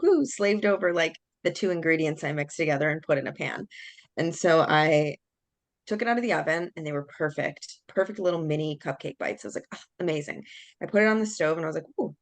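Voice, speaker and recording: A woman's voice: low voice, creaky, no room sound. A young adult woman hosting a podcast, candidly telling a personal story in casual chat and acting out the quotes. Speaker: podcast host.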